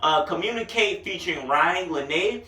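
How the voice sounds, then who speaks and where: A man giving a casual, animated album review, slangy and excited about the lyrics, recorded roomy and from a distance. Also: sits high, normal speed. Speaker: music reviewer.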